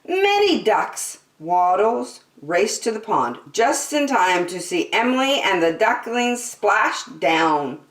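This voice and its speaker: Woman reading a kids' story, slow and expressive, lively pitch, roomy sound from a distance. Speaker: children's storyteller. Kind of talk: reading a picture book aloud.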